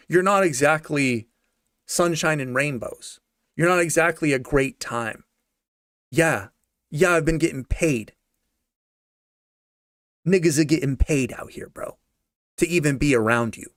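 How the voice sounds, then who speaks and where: A young man with a fairly high, slightly bright voice rants sarcastically through a casual movie review, heavy on slang and repeating himself for emphasis. He speaks at a measured pace with long pauses, and the studio-quality recording is dry.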